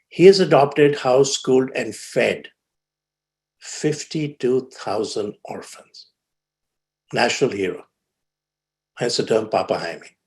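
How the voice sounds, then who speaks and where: A man giving a keynote talk at a symposium, telling a story with dramatic pauses and acting out the people he quotes. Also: mid-range voice, gravelly, darkish tone. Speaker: symposium speaker. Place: conference hall.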